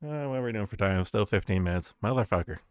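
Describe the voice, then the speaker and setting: A man's voice: on the low side, animated, fast talker, darkish tone, clean tone, no echo, studio quality. A man in a casual chat stream, reading chat aloud and tossing in sarcastic, profane jabs. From Canada.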